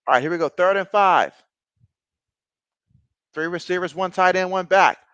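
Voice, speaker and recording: A man in his thirties hosting a casual live stream, calling football plays and reading viewer chat aloud, reacting loudly to big plays. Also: high voice, moderate pace, smooth, dry recording, highs cut off. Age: 30s. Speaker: live-stream sports host.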